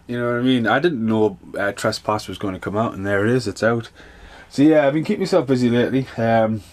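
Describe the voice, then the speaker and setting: Podcast host, male, lowish pitch, loose sweary storytelling. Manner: rambling, sweary, animated storytelling. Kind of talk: casual solo rant.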